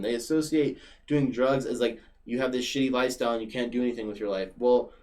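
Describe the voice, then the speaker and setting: A man's voice: medium pitch, fast. A young man chatting casually as a podcast guest, telling stories with lots of fillers. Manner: animated storyteller, many fillers like "like". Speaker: podcast guest and former regular.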